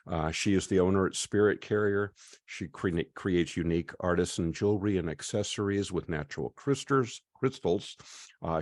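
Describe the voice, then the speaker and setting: A man's voice: low-pitched, a little mellow, no room sound, clean studio sound. A man hosting an online class over a video call, chatty and welcoming. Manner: chatty, welcoming, often pauses with "uh".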